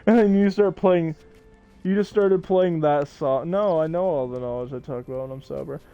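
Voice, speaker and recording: A man's voice: a little high, dark tone, smooth, highs cut off, soft background music. Rambling, joking young male game streamer. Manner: rambling, joking, quick to laugh. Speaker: gaming streamer. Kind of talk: casual live-stream chat while gaming.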